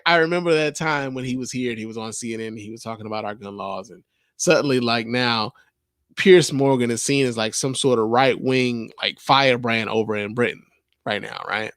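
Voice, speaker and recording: A man's voice: mid-range voice, fairly bright tone, no echo, clean studio sound. A man from the United States hosting a podcast, talking in a casual, profane, rambling way full of fillers and restarts. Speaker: podcast host. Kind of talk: casual commentary.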